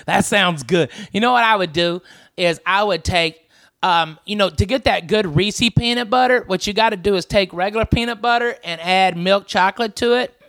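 Bright, rowdy, foul-mouthed man. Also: high-pitched, moderate pace, vocal fry. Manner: boisterous, profane, rowdy. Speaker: podcast host. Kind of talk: crude comedic banter.

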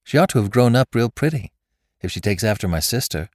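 A man's voice: fairly low pitch, animated, a little fast, darkish tone, no echo, clean studio sound, pitched above the performer's own voice, natural voice. A man voicing a blunt, upright spinster schoolteacher who speaks plainly and directly. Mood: matter-of-fact.

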